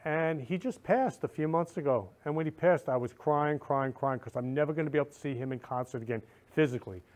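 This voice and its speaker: A man's voice: fairly high pitch, fairly quick, darkish tone. Gushing, emotional male talk show host. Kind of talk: effusive live show talk with spoken prayer.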